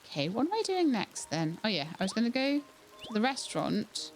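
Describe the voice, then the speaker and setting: A woman's voice: a little high, big pitch swings, moderate pace, faint music behind. A woman casually commenting as she plays a farming game, chatty and thinking aloud as she goes. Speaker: game streamer. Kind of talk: casual let's-play commentary.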